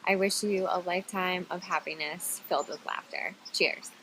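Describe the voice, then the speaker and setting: A woman's voice: fairly low pitch, steady tone, moderate pace, fairly bright tone, slight background noise, rough recording. A woman telling a heartfelt story and toasting a friend's wedding. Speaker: wedding video well-wisher.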